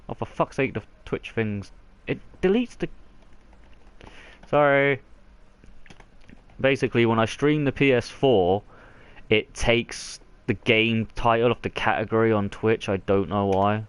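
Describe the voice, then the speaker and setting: A man's voice: fairly low pitch, a little slow, pauses often, clean tone. A man streaming a video game, talking over it with crude, mocking banter. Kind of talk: profane gameplay commentary.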